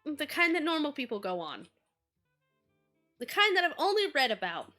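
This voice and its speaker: Woman voicing a bubbly young game heroine, high lively voice, bright tone, faint music behind. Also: normal speed, exaggerated voice. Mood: wistful, eager. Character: cheerful young woman baking cookies.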